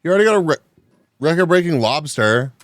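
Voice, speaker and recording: A man streaming live, chatting casually with his viewers, animated and quick to laugh, sounding a bit groggy after a nap. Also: fairly high pitch, no echo, studio quality. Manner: animated, reactive, laughs often. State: groggy after just waking. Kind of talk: casual chat, reading chat live.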